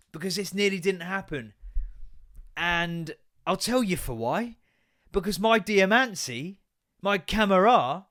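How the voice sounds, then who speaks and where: A man in his thirties hosting a solo comedy podcast, ranting with lots of swearing, innuendo and quick mock voices. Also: high voice, fairly bright tone. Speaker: podcast host.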